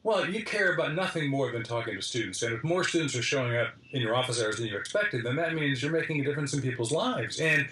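A man voicing his patient, encouraging wife, who reasons calmly and reassuringly. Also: medium pitch, quick pace, hardly any pauses, a little hiss or hum. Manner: calm, reassuring, reasoning step by step. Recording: roomy, from a distance.

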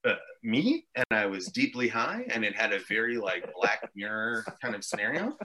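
With a lowish, sing-song voice and a sharp tone at a moderate pace, a Montreal actor with three children wanders through tangential anecdotes as a podcast guest. Casual and rambling, he swears freely throughout.

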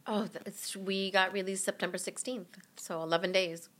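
A middle-aged woman being interviewed, telling a personal story in an animated way and acting out what people said. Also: mid-range voice, moderate pace, slight background noise. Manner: animated, acts out quoted voices. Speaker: guest, mother of a patient.

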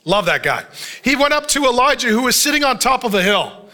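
A man's voice: very high voice, very animated, fairly quick, bright, forceful tone. A male pastor preaching a sermon, telling the story with jokes and frequent laughter.

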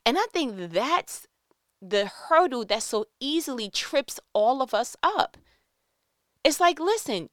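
Woman preacher, lively and conversational, smooth clear voice, dry close sound. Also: on the high side, slow pace, dry recording. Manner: animated, talks straight to listeners with rhetorical questions. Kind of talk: conversational sermon.

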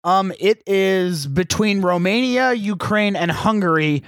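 A man's voice: high-pitched, a little slow, a bit bright, smooth, no echo, clean studio sound. A man co-hosting a casual movie-review podcast, joking and riffing with put-on quotes. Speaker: podcast co-host.

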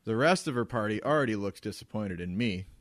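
Ranting, profane podcast co-host, dry sound. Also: male voice, lowish voice, brisk, no room sound. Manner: animated, swearing, ranting about customers. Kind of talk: casual profane storytelling.

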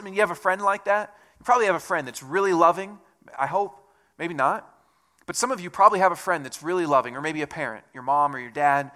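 Fairly quick and lively, a high-voiced man preaches in a casual, chatty style with a clear, bright tone. He talks to his congregation as a pastor would, sprinkling in jokes at his own expense.

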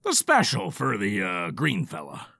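Storybook dwarf barkeep, fiery and gruff, voiced by a male narrator, dry close sound. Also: fairly low pitch, huge pitch swings, unhurried, sharp tone, no echo, exaggerated voice. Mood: grudging. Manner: gruff and grudging.

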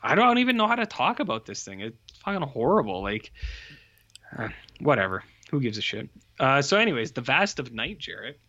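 A man's voice: medium pitch, very animated, a little fast, sharp tone, dull audio. A man in a casual movie review chat, rambling and swearing, with lots of filler words. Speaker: podcast co-host.

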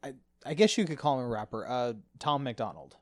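A man's voice: medium pitch, expressive, brisk, no room sound. A young man talking casually on a podcast in a dry, close sound. He swears freely and breaks into laughter. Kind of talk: casual chat.

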